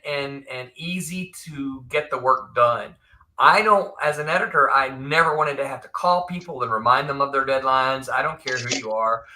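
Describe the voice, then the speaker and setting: A man hosting a casual live-stream chat, an animated storyteller who laughs often and restarts his sentences. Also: fairly high pitch. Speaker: host, former comics editor.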